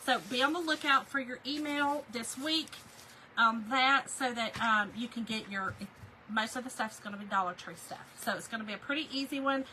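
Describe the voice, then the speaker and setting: A woman's voice: on the high side, normal speed, pushed and bright, slight background noise, rough recording. A middle-aged woman, chatting folksily while she crafts, laughing often and answering viewer comments. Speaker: craft livestream host. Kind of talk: casual livestream chat while crafting.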